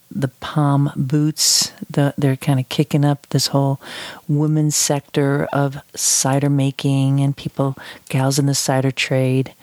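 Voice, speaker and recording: A woman's voice: sits low, darkish tone, no room sound. Chatty, gushing woman podcast host. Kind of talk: casual chat.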